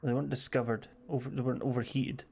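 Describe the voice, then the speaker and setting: A man's voice: medium pitch, flat delivery, fast talker, creaky, a little mellow. A Scottish man streaming a game live, joking crudely and reading game text aloud hesitantly. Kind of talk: casual live-stream commentary.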